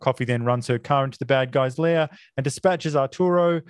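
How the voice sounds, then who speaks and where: A man co-hosting a podcast walks through a film's plot in a loose, chatty way, dropping filler uhs and casual swearing as he goes. His voice sits at an ordinary pitch and sounds dry and close to the mic. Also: fairly quick, clear, resonant tone, dry recording. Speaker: podcast co-host.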